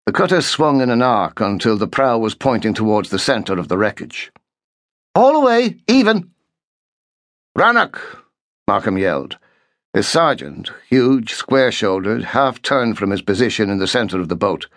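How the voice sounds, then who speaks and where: A man reading a historical novel aloud in a measured, steady storytelling voice. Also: on the low side, no room sound, studio quality. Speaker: audiobook narrator. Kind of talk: scripted narration.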